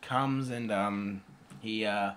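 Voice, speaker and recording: A man giving a casual, rambling movie review, swearing freely and filling pauses with um and uh. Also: fairly low pitch, steady tone, a bit bright.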